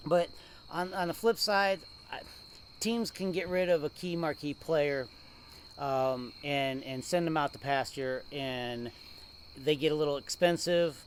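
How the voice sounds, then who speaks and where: A man co-hosting a casual local football show, ranting and telling stories with animated laughs. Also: a little high, measured pace, a little hiss or hum. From Ohio, USA. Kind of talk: casual rant.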